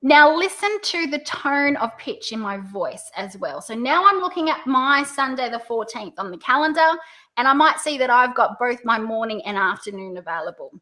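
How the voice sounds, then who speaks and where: Aussie lady teaching sales on camera, high bright voice, swings pitch up n down. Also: lively intonation, moderate pace. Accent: Australian. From Australia. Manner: upbeat, coaching, exaggerates rising and falling pitch. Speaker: direct sales coach. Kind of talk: video tutorial.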